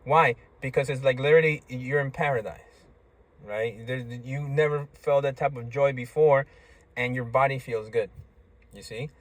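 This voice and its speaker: A man's voice: medium pitch, moderate pace, no echo. A man talking in a casual, rambling monologue, stammering through restarts and tagging lines with "right?" and "you see?".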